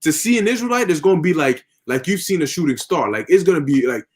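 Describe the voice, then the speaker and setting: High-voiced man preaching emphatically. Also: expressive, fast. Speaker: religious discussion participant. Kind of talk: casual religious chat.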